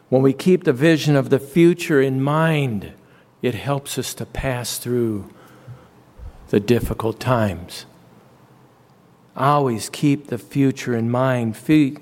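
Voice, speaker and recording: A man preaching a sermon, slow and deliberate, leaning on repeated phrases for emphasis. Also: mid-range voice, a little mellow. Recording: long reverb.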